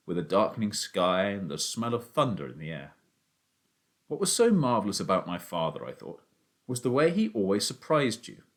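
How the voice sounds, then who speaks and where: A man reading a children's novel aloud as a first-person audiobook narrator. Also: on the low side. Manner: expressive storytelling, narrating as a boy.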